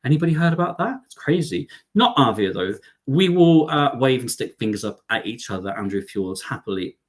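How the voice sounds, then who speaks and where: Excitable male host from the UK, live-stream chat, mid-pitched voice, friendly and animated. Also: a little fast. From United Kingdom. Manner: chatty and animated, excitable, addresses viewers as darling and lovelies. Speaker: travel vlogger hosting a live stream.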